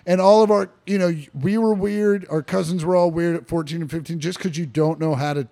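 A man's voice: on the high side, steady tone, fairly quick, warm tone. Rambling young man on a podcast. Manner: rambling, lots of fillers and restarts, swearing. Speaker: podcast co-host. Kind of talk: casual podcast chat. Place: living room.

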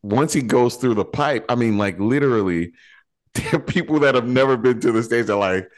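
A man's voice: medium pitch, normal speed. A man co-hosting a casual film podcast, talking bluntly and swearing freely. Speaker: podcast co-host.

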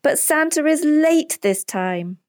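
Woman doing an excitable high-voiced little boy. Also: takes it slowly, no room sound, studio quality. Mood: excited. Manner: high, breathless squeals. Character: excitable young boy, eager and impatient.

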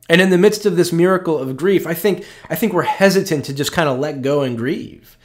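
A male pastor giving a conversational, openly emotional sermon, often checking in with "right?" and slowing down on tender points. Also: on the high side. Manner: earnest and personal, with frequent "right?" asides.

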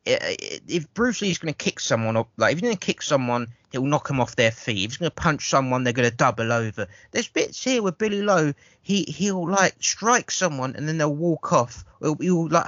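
Bright, forceful man ranting casually. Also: fairly high pitch, dry recording. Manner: rambling, profane, stammers on restarts. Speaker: podcast host. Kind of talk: casual film review chat. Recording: dull lo-fi sound.

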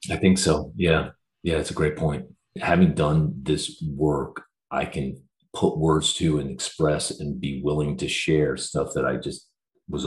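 A middle-aged man, a therapist, speaking earnestly and openly about his own life in a conversation. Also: extremely low pitch. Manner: earnest, emotionally open, reflective. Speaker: therapist, guest. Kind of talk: candid conversational storytelling. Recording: roomy echo.

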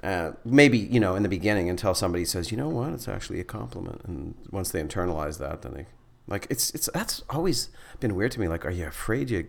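A podcast host with a fairly low voice chats loosely with a guest. His pitch moves a lot as he talks. He throws in wry comments. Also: expressive, brisk, hardly any pauses. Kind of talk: casual chat.

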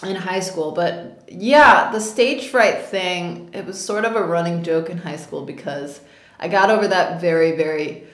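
A woman's voice: lowish voice, normal speed. A woman in her thirties, an actress being interviewed, telling stories in a chatty way with lots of laughs and fillers. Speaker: actress guest. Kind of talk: casual interview storytelling. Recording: echoey room.

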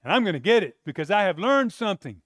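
A man preaching a sermon to a congregation, telling Bible stories with animated delivery and acting out quoted voices. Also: sits high, quick pace, no room sound, studio quality.

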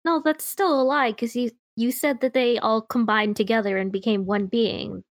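A woman's voice: on the high side, steady tone, normal speed, dry recording, studio quality. A woman playing a tabletop game, chatty and hesitant, full of "like". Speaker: player.

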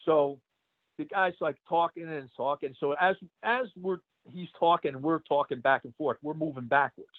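A man's voice: a little high, moderate pace, dry recording. A man, a retired pro wrestler, telling road stories in a casual interview, rambling with many fillers and laughs. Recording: tinny phone-like line.

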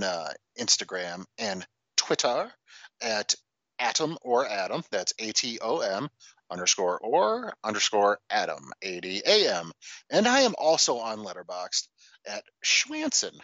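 Man co-hosting a podcast, animated pitch, dry close sound, a bit lo-fi, playful. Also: a little slow, dry recording. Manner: playful and wry. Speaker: podcast co-host. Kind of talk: casual chat.

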